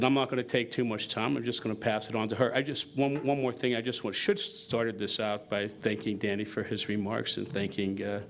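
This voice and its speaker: A man's voice: on the low side, a bit bright, slight background noise. A middle-aged man speaking hesitantly at a ceremony, with lots of fillers and restarts, shifting the credit to his wife. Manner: halting, many fillers and restarts, self-deprecating. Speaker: donor giving remarks at a university event. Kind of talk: unscripted ceremony speech.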